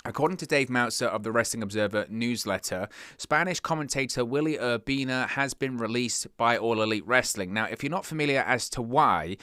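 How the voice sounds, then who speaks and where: Bright-voiced man talking wrestling news. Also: medium pitch, a little fast, hardly any pauses, clean tone, no echo, clean studio sound. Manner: earnest, stumbles over words when worked up. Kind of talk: casual news commentary.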